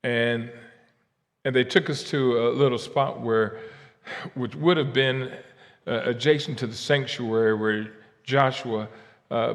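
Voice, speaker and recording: A man from Ohio giving a keynote faith talk, swinging from quiet asides to shouted, drawn-out declarations. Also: medium pitch. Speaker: keynote speaker. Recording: long hall reverb.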